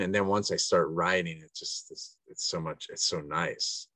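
Low, rambling man on a video call. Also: very animated, moderate pace, few pauses, fairly bright tone, dry recording. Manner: rambling, self-searching, many restarts and laughs. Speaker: coaching client. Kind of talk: casual reflective conversation.

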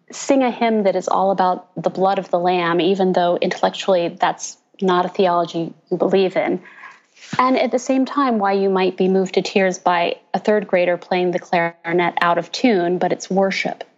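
Woman pastor, podcast guest; animated storyteller who imitates people she quotes; slightly muffled audio. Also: medium pitch, normal speed. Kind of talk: casual interview chat.

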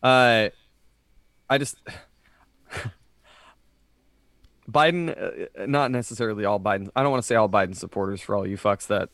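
A man co-hosting a casual podcast chat, animated and profane, slipping into mocking voices. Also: fairly low pitch, moderate pace, long pauses, no room sound, studio quality. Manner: animated, swearing, mocking impressions. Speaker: podcast co-host.

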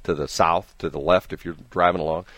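A radio morning show host with a low, steady voice talks briskly, his tone a bit bright and the studio mic capturing no room sound. He tells rambling, jokey stories in loose on-air banter, often repeating his words.

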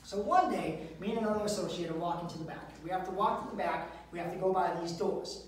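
Comedian telling stories in an echoey hall. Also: male voice, sits high, fast talker, a little hiss or hum. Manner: storytelling with crude jokes and acted-out quotes. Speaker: stand-up comedian. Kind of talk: stand-up comedy set. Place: live show venue with audience. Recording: very echoey room from far off.

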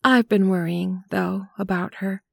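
A woman's voice: medium pitch, fairly even intonation, measured pace, gravelly, darkish tone, dry recording. A woman voicing an anxious, doting young mother in an audiobook reading. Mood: fretful. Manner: earnest, eager, a little fretful.

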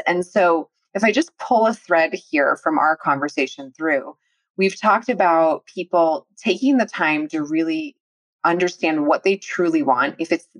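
Woman podcast host with a low voice and a dry, close sound, encouraging and thoughtful. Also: no room sound, low-quality recording. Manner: warmly affirming, long winding questions. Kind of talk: interview podcast hosting.

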